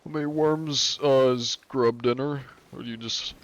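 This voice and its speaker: A man's voice: medium pitch, steady tone, normal speed, creaky, highs cut off. A young man in his twenties chatting casually with viewers on a gaming livestream, with dry, wry jokes. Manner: dry, wry joking with chat. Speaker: streamer.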